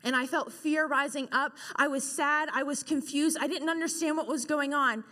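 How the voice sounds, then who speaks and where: Young woman preacher, higher voice, hall reverb, passionate storyteller. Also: steady tone, normal speed, sharp tone. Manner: impassioned, storytelling. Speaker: guest speaker. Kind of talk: sermon. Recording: echoey hall.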